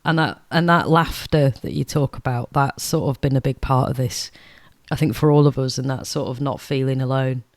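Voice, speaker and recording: A woman's voice: very deep voice, steady tone, normal speed, a little hiss or hum. A woman co-hosting a podcast in casual chat, speaking sincerely and reflectively. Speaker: podcast co-host.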